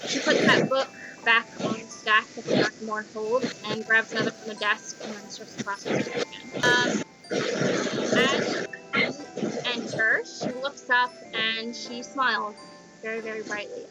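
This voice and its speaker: A woman's voice: on the high side, fairly even intonation, moderate pace, over loud music, poor audio. A woman narrating as game master of a tabletop role-playing game, chatty and full of ums.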